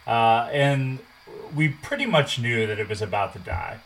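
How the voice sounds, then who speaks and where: A man in his twenties telling a casual, animated story, swearing and acting out what people said. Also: mid-range voice, unhurried, rough recording. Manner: animated, swears, acts out quotes.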